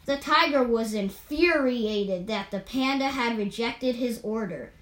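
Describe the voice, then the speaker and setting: A woman reads an animal fable aloud at a steady, measured pace. Her voice sits fairly high. The recording is roomy, with a clear echo. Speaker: storyteller.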